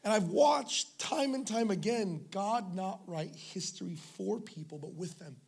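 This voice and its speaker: A man with a high, expressive voice and a breathy edge preaches at an unhurried pace. He's a pastor at a church service held in a school, telling funny stories and joking with the congregation.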